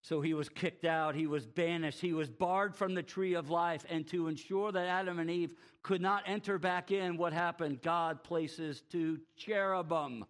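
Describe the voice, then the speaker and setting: A man preaching a sermon, asking rhetorical questions and swinging between loud emphasis and quiet, drawn-out lines. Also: fairly high pitch, fairly even intonation.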